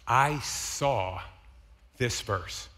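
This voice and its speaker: A man preaching a sermon as a pastor, telling a personal story in a conversational, animated way with asides to the congregation. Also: medium pitch, very slow. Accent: Midwestern American. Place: church sanctuary.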